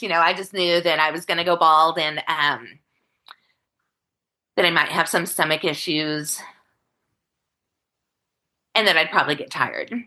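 A woman's voice: on the low side, pushed and bright. Emotional woman, choked-up storyteller. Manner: candid, halting, emotional. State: choked up, near tears. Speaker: guest. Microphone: video call.

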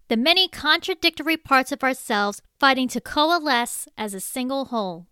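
A woman giving scripted music review commentary, reading out facts and figures in an even, measured delivery. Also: sits high, dry recording, clean studio sound.

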